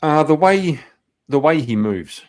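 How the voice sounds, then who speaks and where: A man's voice: on the high side, expressive, a little slow, darkish tone. A man on an online panel arguing in a dismissive, laid-back way. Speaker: panel guest. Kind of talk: casual debate chat.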